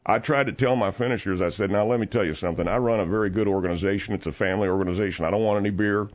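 Man doing a low-voiced, rambling middle-aged construction boss, petty and stammering, radio comedy bit. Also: racing, close to an everyday voice. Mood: boastful. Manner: rambling, stammering, easily aggrieved. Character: blustering male concrete contractor, petty and long-winded. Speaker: guest host filling in on a radio show. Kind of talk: comedic radio call-in monologue.

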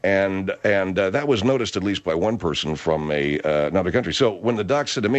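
Male talk radio host, riffing and exaggerating, pitch swings a lot. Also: a little fast, hardly any pauses. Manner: animated, riffing, comic exaggeration.

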